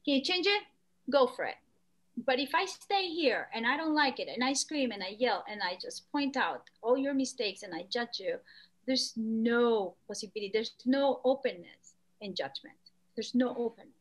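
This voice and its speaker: A woman artist talking as a podcast guest, lively, acting out quoted voices. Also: moderate pace. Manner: animated, acts out quoted voices with pitch jumps. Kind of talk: conversational podcast interview.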